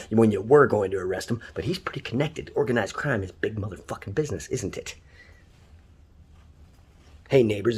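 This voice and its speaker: With a fairly low voice carrying a breathy edge, a Canadian cabbie goes on an angry, profane online rant. He swears constantly and stays heated throughout.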